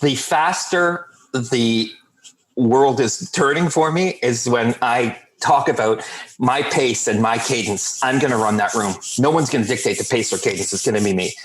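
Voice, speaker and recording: A man who works as a sober coach, telling blunt, profane stories in a calm, steady way as a podcast guest. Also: mid-range voice, normal speed, poor audio. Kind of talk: casual podcast storytelling.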